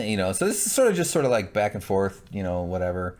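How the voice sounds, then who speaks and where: A man's voice: lowish voice, sing-song, quick pace, darkish tone. A young adult man co-hosting a casual TV recap, swearing and acting out characters in exaggerated voices. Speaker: co-host.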